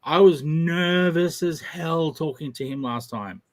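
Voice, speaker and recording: A man's voice: fairly high pitch, a little slow, no echo. A man in his forties co-hosting a casual live stream, candid and self-deprecating, laughing easily. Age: 40s. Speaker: stream co-host.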